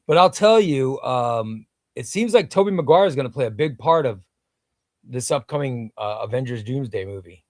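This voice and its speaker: On a home comic book livestream, a man talks in a medium-pitched, slightly mellow voice with lively intonation at a moderate pace, recorded dry and close without echo. His casual chat wanders, he starts sentences over, and he responds to viewer comments as they come in.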